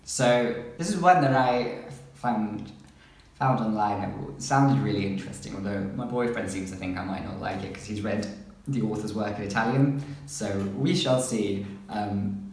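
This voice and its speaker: A man's voice: on the low side, moderate pace, darkish tone. A man chatting casually as a book vlogger, rambling through the books he is looking forward to and reading their synopses aloud. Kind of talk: casual chat about upcoming books. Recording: very echoey room.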